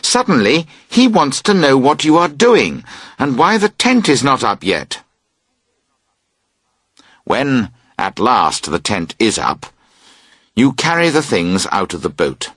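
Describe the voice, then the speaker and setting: Slow husky male storybook narrator. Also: medium pitch, sing-song, a bit bright, no room sound. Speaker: audiobook narrator. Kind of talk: scripted narration of a graded reader.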